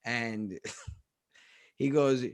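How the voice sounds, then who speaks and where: A male comedian telling animated, swearing stories on a podcast mic and acting out the quotes. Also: mid-range voice, very slow, smooth. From New York. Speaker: comedian guest. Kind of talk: casual storytelling. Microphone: podcast studio mic.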